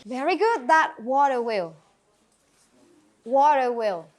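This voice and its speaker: A woman with a Vietnamese accent leads an English class, her voice high and bright in pitch. She calls on students by name, drills new words and encourages them clearly. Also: expressive, slow pace. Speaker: English teacher. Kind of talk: classroom grammar lesson.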